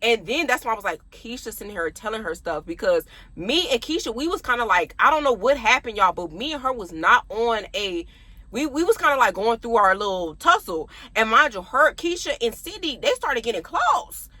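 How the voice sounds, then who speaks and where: A young adult woman chatting casually to her viewers, telling an animated storytime about her past. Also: on the high side, brisk, dry recording. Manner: animated, talks straight to viewers.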